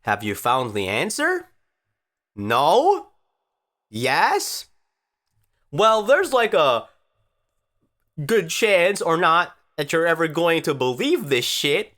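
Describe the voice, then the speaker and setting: A woman's voice: deep voice, big pitch swings, takes it slowly, long pauses, a bit bright. A woman telling a story in a casual vlog, rambling and swearing with exasperated outbursts. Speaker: storytime vlogger.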